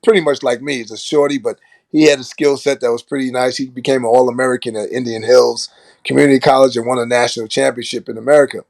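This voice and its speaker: An older man from Brooklyn, New York, a former basketball player and coach, telling animated stories in a casual interview and often acting out what people said. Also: mid-range voice, fast talker, vocal fry, no echo. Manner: animated storyteller who acts out quoted lines and laughs often.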